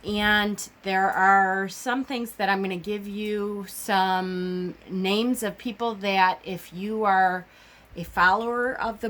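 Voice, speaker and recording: A woman's voice: medium pitch, a bit bright, a little hiss or hum. A woman hosting a witchcraft channel, talking casually to her viewers and wandering through her thoughts with many ums and restarts. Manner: rambling, full of ums and restarts. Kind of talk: casual vlog talk.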